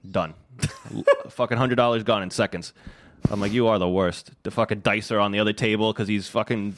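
A man's voice: fairly low pitch, steady tone, a little fast, a bit bright. A man on a podcast telling a story in an exasperated, swearing way. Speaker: podcast guest. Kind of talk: casual chat.

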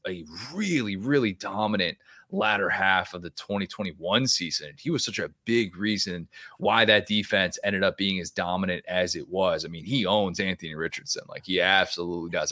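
Male analyst guest, low voice with a bright, forceful edge, opinionated delivery, suits casual podcast chat. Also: no room sound, clean studio sound. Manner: emphatic, opinionated. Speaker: college football analyst guest.

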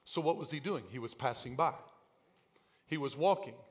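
A man pastor preaching a sermon in a church, swinging from quiet asides to shouted lines. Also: mid-range voice, normal speed.

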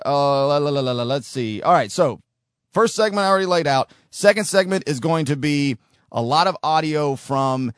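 Sardonic talk show host, dry sound. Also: male voice, medium pitch, dry recording. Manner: casual, sardonic, rambling with fillers. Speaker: podcast host and producer. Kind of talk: solo talk show monologue.

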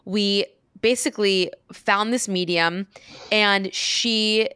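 A woman's voice: mid-range voice, takes it slowly, sharp tone, clean tone, no room sound, clean studio sound. A woman hosting a podcast, chatting casually with her sister, laughing often and trailing off mid-sentence. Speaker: podcast host. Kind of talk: casual chat.

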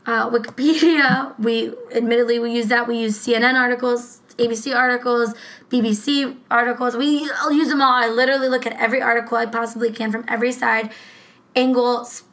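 A woman co-hosting a casual true-crime podcast, talking in a rambling, profane, animated way. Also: a little high, a little fast, poor audio. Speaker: podcast co-host.

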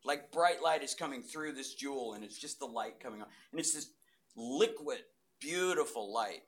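A man in his fifties stands before a church audience and tells his testimony. His delivery swings from sudden loud bursts to quiet, hushed asides, and he keeps the story moving with lively energy. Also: medium pitch, moderate pace. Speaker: speaker giving a testimony. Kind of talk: testimony talk to a live audience.

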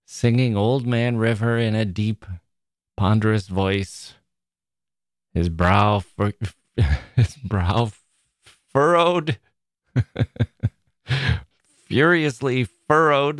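A man's voice: lowish voice, no room sound, clean studio sound. A man hosting a literature podcast, chatting wryly and then reading a passage aloud. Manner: chatty, wry, self-correcting. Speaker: podcast host. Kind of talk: casual solo podcast talk and reading aloud.

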